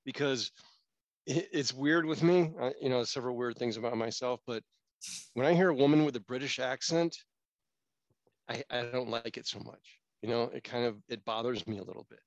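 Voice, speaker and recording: A man's voice: mid-range voice, normal speed, dry recording, highs cut off. Man, podcast co-host, chatty and opinionated, headset mic, dry sound. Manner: talkative, opinionated, jumps in. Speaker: podcast co-host, street artist. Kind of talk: casual podcast chat. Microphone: small headset mic.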